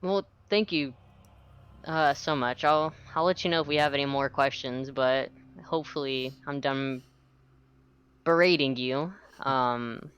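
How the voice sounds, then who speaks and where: A man's voice: mid-range voice, unhurried, a bit bright, smooth, muffled recording. A man playing a tabletop role-playing game over a video call, joking and hesitating as he speaks. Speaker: player.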